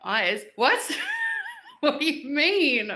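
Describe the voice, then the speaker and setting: A woman's voice: mid-range voice, fairly bright tone, slight background noise. A woman with an Australian accent, hosting a casual livestream from home and chatting playfully with viewers in slang. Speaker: livestream host. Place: home, moving into the kitchen. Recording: roomy home recording.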